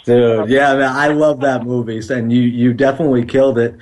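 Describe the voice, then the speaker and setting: A man's voice: medium pitch, fairly even intonation, fairly quick, a little mellow, rough recording. A man hosting a podcast interview, laid-back and enthusiastic, with casual slang. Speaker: podcast host.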